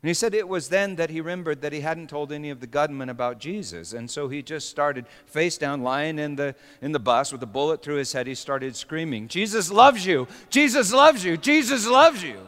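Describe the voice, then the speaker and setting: A man preaching a sermon with dramatic swings between hushed storytelling and sudden shouts. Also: a little high, a little fast, few pauses, smooth. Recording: long reverb of a large hall.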